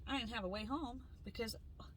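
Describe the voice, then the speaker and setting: Lively, bright-voiced woman telling a story. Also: fairly high pitch, quick pace, a little hiss or hum, rough recording. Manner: animated, acts out quoted voices, swears freely. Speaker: podcast co-host. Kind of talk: casual storytelling chat.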